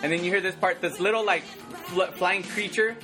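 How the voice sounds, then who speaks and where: A man in his thirties in casual chat, rambling excitedly, packing his talk with "like" and acting out sound effects. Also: high-pitched, moderate pace, music in the background.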